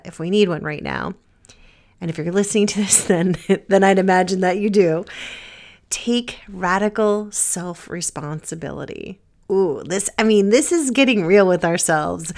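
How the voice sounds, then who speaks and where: Gentle, earnest woman, lowish voice. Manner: earnest, gentle, slows to a soft soothing pace when guiding. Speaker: podcast host and wellness teacher. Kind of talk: reflective self-help talk and guided relaxation.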